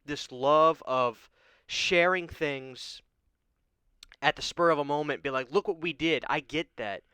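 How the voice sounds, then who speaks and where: A man's voice: medium pitch, sharp tone, clear, resonant tone, no room sound. A man hosting a horror vlog, giving an emotional, pleading rant and often asking "okay?". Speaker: horror channel host. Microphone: studio microphone.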